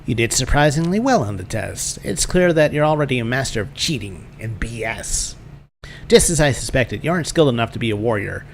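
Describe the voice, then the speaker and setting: A man's voice: medium pitch, very animated, brisk, slight background noise. A man casually reading and narrating a game he is playing, with wry, self-mocking asides.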